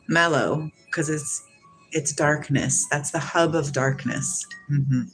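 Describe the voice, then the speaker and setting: Slow, low-voiced woman in her forties musing. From Washington state, USA. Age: 40s. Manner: slow, reflective, laughs often. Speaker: livestreamer answering chat. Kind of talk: casual spiritual musing.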